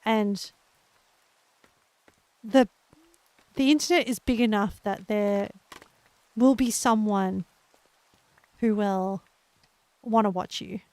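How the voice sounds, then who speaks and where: A young woman with an Australian accent, chatting gently and encouragingly with her live viewers as a streamer, laughing often. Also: mid-range voice, takes it slowly, long pauses, no room sound. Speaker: livestreamer. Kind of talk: casual chat with live viewers.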